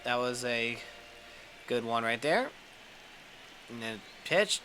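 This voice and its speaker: Excitable young man with a very bright voice. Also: takes it slowly, pauses often, a little hiss or hum. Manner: excitable, talks to himself, groans and cheers at each pitch. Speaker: gaming YouTuber. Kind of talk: live baseball video game commentary.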